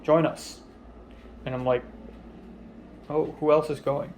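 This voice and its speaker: Unhurried and casual, a young man rambles through a personal story with lots of fillers. His flat, low-key voice often trails off quietly, with a little hiss or hum in the background.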